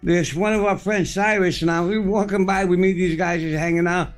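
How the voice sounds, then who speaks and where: A man's voice: high voice, steady tone, fairly quick, faint music behind. A man hosting a podcast, chatting casually as a rambling, profane storyteller. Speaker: podcast host. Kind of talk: casual chat.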